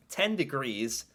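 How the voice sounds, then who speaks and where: A man from the United States giving animated reaction video commentary and laughing easily. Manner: animated and quick to laugh, with pitch jumps when making a point.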